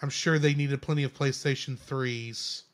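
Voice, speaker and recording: A man's voice: medium pitch, steady tone, normal speed. A young man co-hosting a podcast, reviewing a film in casual chat, rambling and correcting himself as he goes. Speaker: podcast co-host.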